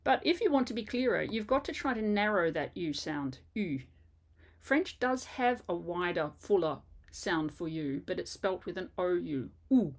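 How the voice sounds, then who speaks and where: An older woman, a native English speaker, gives a patient pronunciation lesson as a French teacher and spells words out letter by letter. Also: medium pitch.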